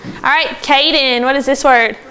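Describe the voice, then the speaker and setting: High-voiced woman teaching a class. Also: bright, forceful tone. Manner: encouraging, brisk, calls on pupils by name. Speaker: second grade teacher. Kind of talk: classroom phonics lesson. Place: classroom with children.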